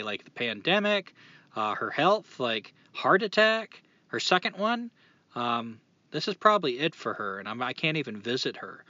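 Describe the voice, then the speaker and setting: A man's voice: medium pitch, expressive, normal speed, sharp tone, no echo. A man co-hosting a podcast, reading a reflective passage and then talking casually and thoughtfully, with fillers and restarts. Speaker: podcast co-host. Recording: dull lo-fi sound.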